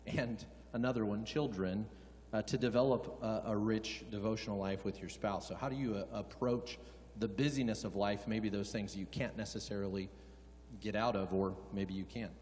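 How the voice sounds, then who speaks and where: A man moderating a conference Q&A, halting and rephrasing as he reads out questions. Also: lowish voice, fairly even intonation, a little mellow. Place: church hall. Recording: church hall reverb, faint hum.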